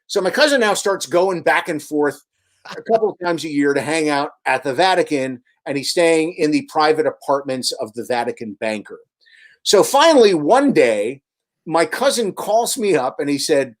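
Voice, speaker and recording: A man, a radio host and author, guesting on a radio show and telling long, animated anecdotes with many restarts. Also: a little high, normal speed. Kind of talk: storytelling in a radio interview.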